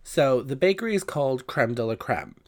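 A man's voice: mid-range voice, expressive, brisk, a little mellow. A man hosting his own podcast, telling a story in a chatty, gossipy way and swearing freely between many fillers. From Southern California. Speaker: podcast host. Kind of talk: casual storytelling monologue.

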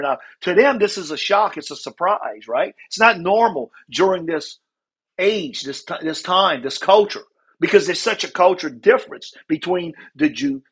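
Husky high-voiced man teaching scripture. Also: fairly bright tone. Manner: conversational, repeats "right?" to check in with listeners; reads scripture slowly, then explains in casual talk. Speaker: Bible study teacher. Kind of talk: Bible lesson teaching.

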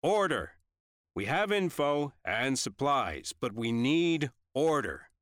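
A man voicing a father who loudly commands a crowd of survivors, in audiobook narration. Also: medium pitch, very animated, no echo, clean studio sound, pitched above the performer's own voice. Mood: commanding. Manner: commanding, loud, deliberate. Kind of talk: audiobook character voice.

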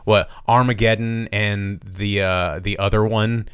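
A man hosting a casual movie review chat, telling plots with profanity and quick acted-out lines. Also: fairly low pitch, fairly even intonation, clean tone, dry recording, studio quality. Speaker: podcast host reviewing movies.

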